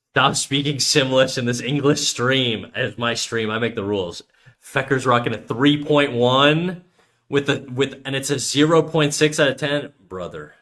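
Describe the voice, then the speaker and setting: A man's voice: medium pitch, fairly bright tone. A man from Canada, streaming while he draws and chatting casually in crude, joking banter full of swearing. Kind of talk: casual live-stream chat while drawing.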